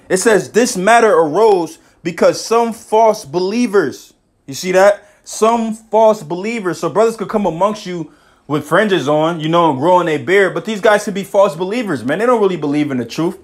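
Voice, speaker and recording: A man teaching scripture in a casual, excitable way, often adding "man" and "you know", reading verses slowly. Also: high voice. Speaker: bible teacher.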